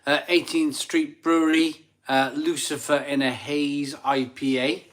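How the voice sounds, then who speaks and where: A man's voice: on the high side, little pitch movement, a little slow, a bit bright. A middle-aged man hosting a casual live stream, tipsy after a few beers, chatty and laughing at himself as he reads viewer comments. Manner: chatty, laughing, self-mocking, rambling with restarts. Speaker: livestream host reading viewer comments.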